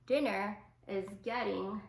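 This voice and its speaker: A woman reading the part of a gentle, patient elderly grandfather in a calm, coaxing way. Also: mid-range voice, slow, creaky. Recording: echoey room.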